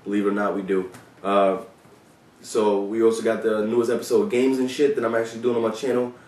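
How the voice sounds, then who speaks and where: A low-pitched man chats casually about his days on the police force, swearing freely and leaning on fillers. His voice sounds set back from the mic. The sound is roomy and echoey. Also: level tone, fast, a little mellow, distant mic. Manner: loose and profane, with many fillers. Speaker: former police officer telling stories. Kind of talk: casual storytelling vlog.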